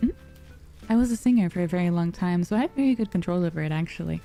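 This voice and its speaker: Woman streamer, soft and sleepy, mellow tone, slight vocal fry, close dynamic mic. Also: lowish voice, fast, faint music behind. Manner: soft, sleepy and calm, yawning. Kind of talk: relaxed live-stream chat. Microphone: dynamic studio mic.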